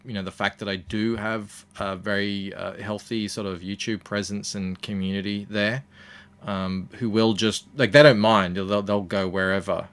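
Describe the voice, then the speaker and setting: Relaxed Australian man, fairly low voice. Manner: relaxed storytelling with many fillers. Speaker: guest, comics creator. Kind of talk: casual interview chat.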